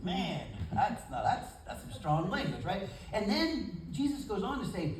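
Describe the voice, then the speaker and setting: A male pastor preaches a folksy sermon at a church service held in a gym, swinging his pitch widely and acting out quotes in different voices, sing-song and measured with few pauses. He sounds far from the microphone, his voice echoing around the large room over slight background noise.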